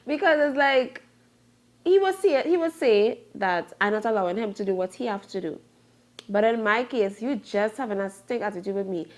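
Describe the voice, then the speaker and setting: A woman, talking casually with her husband about an argument, lively and often laughing. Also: medium pitch, moderate pace. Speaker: co-host, wife. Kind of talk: casual conversation.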